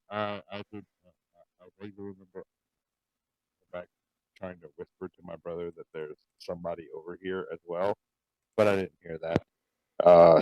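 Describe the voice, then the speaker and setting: A man playing a character in a tabletop game, talking in a hesitant, soft way with lots of fillers, heard through a muffled microphone. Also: low voice, no room sound. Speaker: player. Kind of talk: casual tabletop play. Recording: muffled mic with audio issues.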